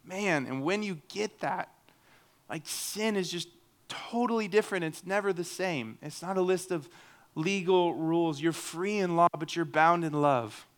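A man's voice: high-pitched, a little slow. A man in his thirties preaching a sermon in an earnest, conversational way, with humorous asides. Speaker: pastor.

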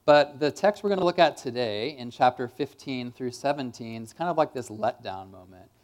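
A man's voice: mid-range voice, lively intonation, moderate pace. A man preaching a sermon in a church, in a casual, conversational way with lots of "kind of" and "like.".

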